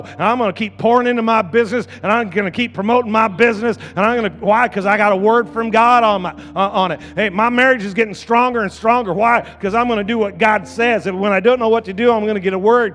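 A man preaching a sermon as pastor, repeating phrases and building to loud shouts. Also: sits high, big-room sound. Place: church.

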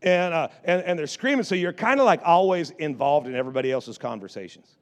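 A male pastor with a fairly high voice telling a lively story from the pulpit. He talks in an animated way, stumbles over his restarts, and piles up repeated words. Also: brisk. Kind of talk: storytelling sermon.

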